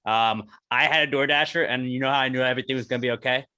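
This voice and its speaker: A man co-hosting a podcast, telling jokey stories in a casual, animated way. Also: mid-range voice, racing, clean tone, dry recording. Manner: joking, animated storyteller. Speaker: podcast co-host. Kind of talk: casual chat.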